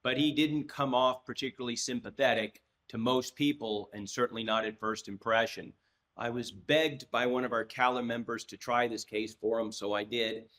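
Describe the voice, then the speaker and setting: A man in his sixties, a trial lawyer, telling a story as a podcast guest, with frequent restarts and lively acted-out dialogue. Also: mid-range voice, moderate pace. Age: 60s. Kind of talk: anecdotal storytelling in a podcast interview.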